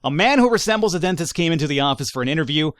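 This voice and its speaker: A man's voice: fairly high pitch, expressive, racing, fairly bright tone, no echo, clean studio sound. A man giving casual gameplay commentary, reading in-game reports aloud between wry, sarcastic asides. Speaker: let's play gamer.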